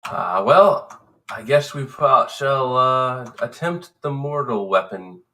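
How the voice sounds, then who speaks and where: A man voicing a gruff, slow-witted monster that grumbles with contempt. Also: mid-range voice, expressive, pushed and bright, voice pushed down. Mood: scornful.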